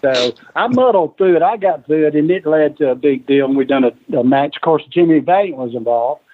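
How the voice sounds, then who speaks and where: A man's voice: on the high side, animated, brisk, a little hiss or hum. A man guest telling wrestling stories casually, acting out the quoted lines as he goes. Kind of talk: casual storytelling. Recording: tinny phone-like line.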